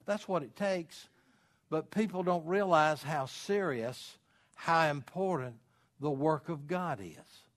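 A middle-aged preacher delivers a homespun sermon. His voice sits a little high for a man, and he drops to quiet, confiding asides before rising into loud, urgent appeals. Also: slow. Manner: folksy, swings from quiet asides to loud exhortation. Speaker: pastor.

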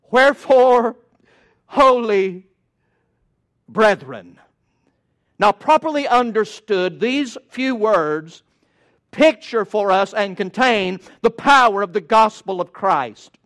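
A man's voice: sits high, a bit bright. A male preacher delivering a sermon in an emphatic, rhythmic cadence with touches of folksy humor.

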